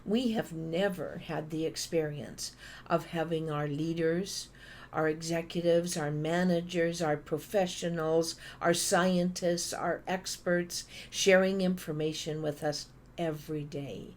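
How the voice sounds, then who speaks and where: A Canadian woman giving a motivational conference talk, telling stories and acting out phone calls in an animated way. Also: sits low, unhurried. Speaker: conference speaker.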